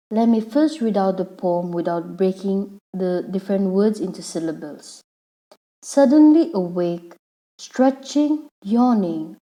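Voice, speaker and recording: A woman teacher explaining a lesson patiently, repeating each word slowly so the syllables come through. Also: mid-range voice, dark tone, poor audio. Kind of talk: slow classroom explanation.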